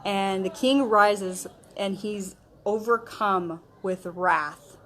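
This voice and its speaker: A woman leads a casual Bible study, speaking slowly in a medium-pitched, slightly bright voice. She tells the stories conversationally, retelling scripture in modern slang, and her chatty delivery is full of fillers like "okay" and "um."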